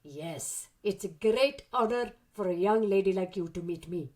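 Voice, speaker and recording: A woman putting on the deep voice of an elderly statesman with a South African accent, gently teasing. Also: lively intonation, unhurried, crowd noise, lightly acted. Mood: joking.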